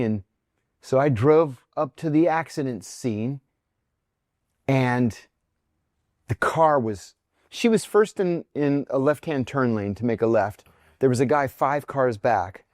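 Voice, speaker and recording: A man's voice: medium pitch, unhurried, pauses often, no echo, clean studio sound. A middle-aged man being interviewed, telling a personal story and acting out what each person said. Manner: animated storyteller who acts out quoted lines. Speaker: interview guest.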